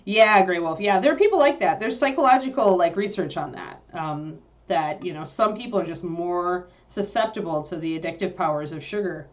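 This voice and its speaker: A woman with a somewhat low voice co-hosts a livestream in casual chat. She rambles through her thoughts with plenty of fillers and laughs easily as she answers viewers. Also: moderate pace, few pauses.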